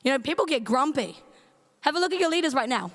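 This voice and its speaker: A woman's voice: high-pitched, very animated, fast, a bit bright. A woman youth leader with a New Zealand accent and a strained voice, giving a playful, chatty camp talk from a large events centre stage. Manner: playful, chatty, greets in Māori. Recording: long hall reverb.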